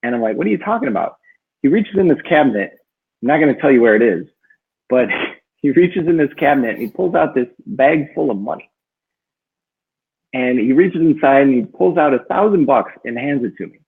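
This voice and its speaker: A man's voice: mid-range voice, fairly quick, slightly rough. A man co-hosting a book club chat, telling a rambling personal story with many fillers. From northern Minnesota. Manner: rambling, many fillers, lively when quoting himself. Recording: tinny phone-like audio.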